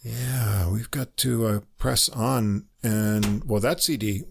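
A man's voice: lowish voice, slow pace, gravelly, slight background noise. A middle-aged man co-hosting a music podcast in a laid-back, hesitant way with dry quips. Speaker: podcast co-host. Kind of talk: casual chat.

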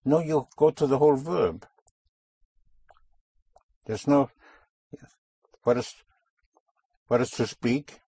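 A man's voice: medium pitch, takes it slowly, pauses often, dark tone, husky, dry recording. A man teaching a Spanish lesson, patiently explaining grammar and repeating his students' answers back to them. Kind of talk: language lesson.

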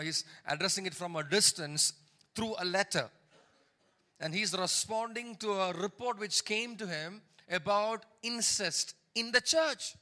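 A man's voice: high-pitched, pushed and bright. A man preaching a sermon, reading scripture aloud and stopping to comment, with emphatic repeated lines and call-and-response to the congregation. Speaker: pastor.

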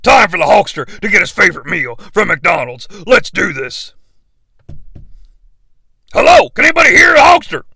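A man doing a loud, blustering impression of a famous pro wrestler. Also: sits high, very animated, normal speed, pauses often, dry recording, studio quality, heavily acted. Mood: boastful. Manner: shouting, hoarse catchphrase bluster. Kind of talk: comedic impression reading AI script.

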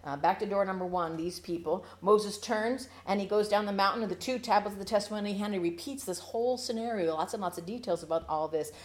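A woman teaching a verse-by-verse Bible study for women, playful and animated, acting out the quotes, then earnest and urgent when she exhorts. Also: medium pitch, quick pace, few pauses. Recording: roomy echo.

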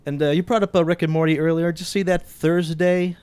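A man co-hosting a casual comics podcast, sharing news in a relaxed way. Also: on the high side, fast talker, clear, resonant tone, dry recording. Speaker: podcast co-host. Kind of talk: casual chat.

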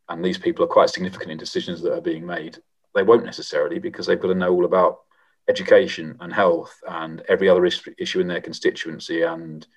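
Middle-aged man, low voice, husky tone, measured reflective interview answers. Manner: measured, frequent ums and restarts. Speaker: former MP, guest.

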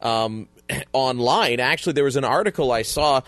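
A man's voice: medium pitch, moderate pace, a bit bright, dry recording. A man co-hosting a podcast, chatting casually about football with rambling jokes and acted-out quotes. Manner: jokey, rambling, acts out quotes. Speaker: podcast co-host. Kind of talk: casual sports chat.

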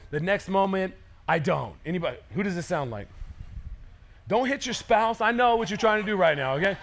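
A man in his thirties preaching a sermon as pastor, energetic and conversational, acting out quotes. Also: high-pitched.

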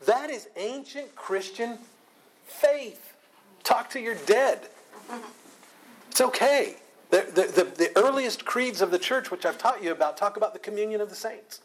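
A man teaching an informal Bible study. He is animated, often repeats and restarts words, and laughs a lot. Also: sits high, slightly rough, low-quality recording.

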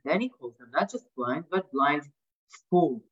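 A woman's voice: low-pitched, lively intonation, unhurried, breathy edge. A woman giving an academic lecture, asking rhetorical questions and often adding "right?". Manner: frequent restarts and repeated words. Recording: dull lo-fi sound.

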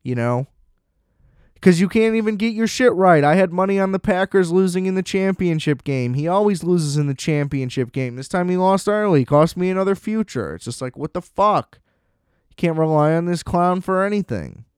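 A man's voice: sits high, lively intonation, moderate pace, a little mellow, clean tone, no echo. Man, casual solo sports rant, profane and sarcastic, clean dry voice. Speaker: sports commentator.

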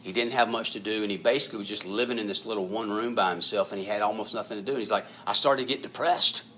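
A man's voice: lowish voice, fairly even intonation, rapid-fire, a bit bright, a little hiss or hum. A male pastor preaching a sermon in a conversational, emphatic way, often repeating words.

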